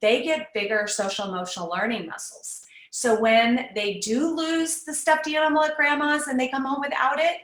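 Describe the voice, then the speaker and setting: A woman gives an encouraging, conversational parenting talk as a guest on a live online summit. Her voice is bright and forward. She sits in an echoey room, heard through a video call microphone. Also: sits high, fairly even intonation, normal speed, few pauses. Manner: warm, encouraging, conversational teaching.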